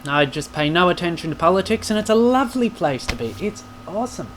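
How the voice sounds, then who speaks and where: Man, casual Q&A vlog host, self-deprecating, rambling, fairly high voice, faint background noise. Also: sing-song, quick pace. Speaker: YouTube channel host. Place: home recording space.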